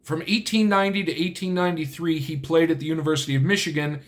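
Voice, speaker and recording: Man, channel host, casual solo video talk, slightly higher voice, rambling, self-correcting, dry asides. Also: steady tone, fast.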